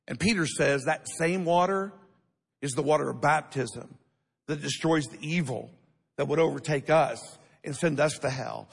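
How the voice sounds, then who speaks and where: High-voiced preaching man, hall reverb. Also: slightly rough. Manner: emphatic preaching with call-and-response questions to the congregation. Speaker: pastor. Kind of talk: sermon. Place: church sanctuary.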